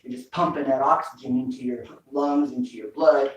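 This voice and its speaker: A man's voice: medium pitch, fairly even intonation, normal speed. A man teaching a home workout, coaching breathing with repeated cues. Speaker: fitness instructor. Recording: echoey room, mic far off.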